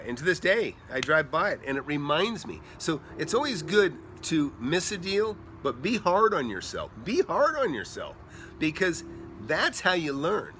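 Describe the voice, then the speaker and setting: A middle-aged man telling rambling, animated stories as a real estate investor, chatting casually outdoors by a pool at night. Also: fairly high pitch, normal speed, slight background noise. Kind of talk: casual storytelling vlog.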